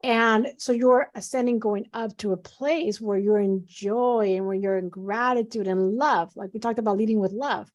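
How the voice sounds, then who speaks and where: A woman's voice: medium pitch, moderate pace, hardly any pauses, a little mellow. A middle-aged woman, a physician guest, speaking earnestly and animatedly in a conversational interview.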